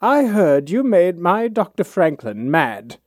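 A man's voice: high-pitched, big pitch swings, slow pace, dry recording, studio quality, exaggerated voice. A man voicing a stern male lab boss who mock-pompously scolds his scientists. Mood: scolding.

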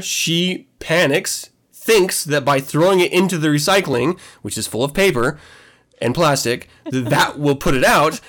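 Animated, profane male podcast host. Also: fairly high pitch. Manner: animated, profane, laughs while telling. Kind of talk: casual storytelling monologue.

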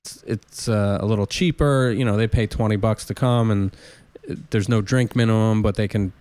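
In a smooth, lowish voice at a moderate pace, this man, a stand-up comic who tours, rambles through road anecdotes with plenty of restarts. His storytelling is animated and self-interrupting, and the recording is dry.

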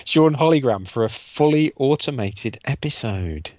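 A man's voice: mid-range voice, expressive, measured pace, no echo. A man co-hosting a podcast, reading out listener comments in a dry, matter-of-fact way. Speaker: podcast co-host.

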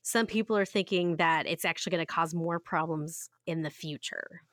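A woman's voice: fairly low pitch, normal speed, no echo, studio quality. A woman co-hosting a podcast, talking casually and chattily, often laughing and restarting her sentences. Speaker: podcast co-host. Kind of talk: casual chat.

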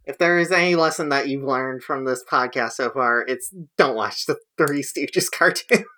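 A man co-hosting a podcast slips in dry, deadpan jokes during casual chat. His voice sounds bright and forward. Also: mid-range voice, moderate pace. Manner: dry, joking asides. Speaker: podcast co-host.

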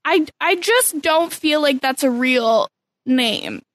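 A woman's voice: high-pitched, expressive, slow pace, dry recording. A young woman from Canada, co-hosting a podcast in a wry, chatty, self-mocking tone. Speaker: podcast co-host. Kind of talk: casual chat.

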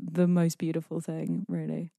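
Young British woman, guest on a podcast, enthusiastic, mellow tone, dry sound. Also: deep voice, very animated, moderate pace, no room sound. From Britain. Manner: descriptive, enthusiastic storyteller. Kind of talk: casual podcast conversation.

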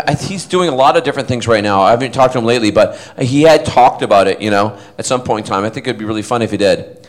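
A middle-aged man on stage at a fan panel, telling funny stories and acting out the quotes as he goes. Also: mid-range voice. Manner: animated storyteller who acts out quotes. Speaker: convention panel guest. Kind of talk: casual anecdote telling on stage.

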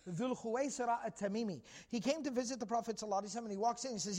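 High-voiced animated man lecturing in a hall. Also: rapid-fire, long pauses. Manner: animated storytelling, acting out dialogue, mixing Arabic quotations. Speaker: religious teacher. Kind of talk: lecture on prophetic traditions.

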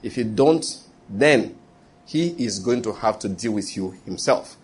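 A middle-aged man with a Nigerian accent, preaching a sermon and telling lively stories with acted quotes. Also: lowish voice, unhurried, husky. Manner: animated storytelling preaching with acted quotes and pidgin asides. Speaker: pastor.

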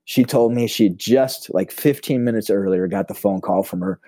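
A man with a warm, mellow voice tells stories in a podcast chat. He is a pastor with an outgoing manner who often stumbles and restarts his phrases. The recording is close and dry. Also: normal speed, dry recording. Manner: self-described high extrovert. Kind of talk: personal storytelling in casual conversation.

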